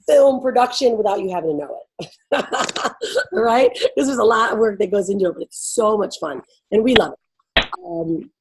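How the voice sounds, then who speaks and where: A woman's voice: fairly high pitch, darkish tone, breathy edge, rough recording. A woman hosting an event briefing, talking casually and bubbly, laughing often and filling her speech with "like" and "you know". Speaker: event host. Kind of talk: casual explanatory talk to attendees.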